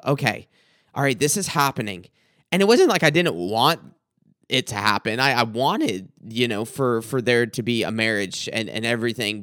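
Halting young man recounting a dream. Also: mid-range voice, a bit bright, no room sound, clean studio sound. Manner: hesitant, restarts and repeats words. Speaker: student pastor. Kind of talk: personal storytelling, recounting a dream.

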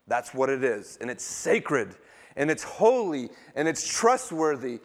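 A man's voice: mid-range voice, sing-song, measured pace. A middle-aged male pastor preaching a sermon, emphatic and quizzing the congregation with questions as he reads scripture.

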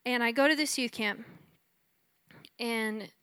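A woman's voice: a little high, slow, a bit bright, smooth, no room sound. A woman from Texas giving a conversational testimony in a sermon, telling her story with lots of "like" and "you know". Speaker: speaker sharing her testimony.

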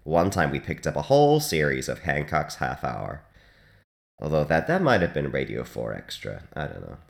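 A man hosting a comic hospital radio show in a dry, deadpan monologue with sudden loud jumps. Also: a bass voice, creaky.

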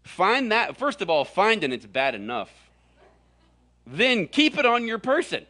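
Animated, bright-voiced joking preacher. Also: male voice, high voice, a little slow. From Florida, USA. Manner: animated, jokey storytelling with sudden exaggerated voices. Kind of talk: humorous sermon. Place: large room with audience.

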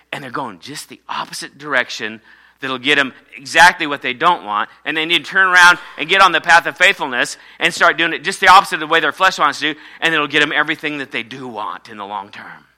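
Male pastor, sermon, high-ish tense voice, repetitive call-and-response delivery. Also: bright, forceful tone.

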